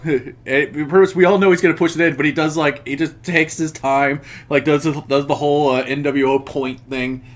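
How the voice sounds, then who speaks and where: A young man chatting casually on a podcast, recapping a wrestling show with lots of restarts and laughter. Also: on the high side. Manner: rambling, many restarts, laughs while telling. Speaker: podcast co-host.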